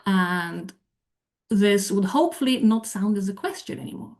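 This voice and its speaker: A woman giving a conference talk with a live software demo, explaining her points while thinking aloud and correcting herself as she goes. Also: mid-range voice, lively intonation, normal speed. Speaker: presenter on medical English teaching.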